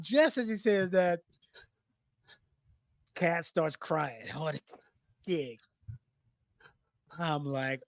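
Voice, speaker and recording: Animated man telling stories. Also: fairly high pitch, extremely slow, long pauses, no room sound, clean studio sound. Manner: animated storyteller, acts out quotes. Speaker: podcast co-host. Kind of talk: casual storytelling chat.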